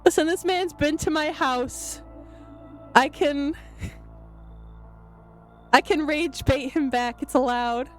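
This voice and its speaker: A woman streamer chatting with her viewers, giggly and excitable, laughing herself to tears and often squealing. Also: high voice, slow pace, long pauses. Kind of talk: live-stream chat with viewers. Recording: faint music in the background.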